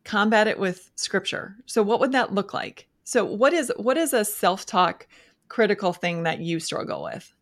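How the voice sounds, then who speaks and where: Brief: woman podcast host, mid-pitched voice, curious, keeps the chat moving. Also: moderate pace. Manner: curious, prompting, with brief affirmations. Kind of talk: casual interview conversation.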